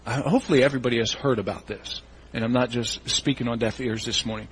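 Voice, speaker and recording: Husky-voiced male pastor preaching. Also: medium pitch, fast talker, low-quality recording. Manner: animated, acts out congregation voices in asides. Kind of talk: sermon. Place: church.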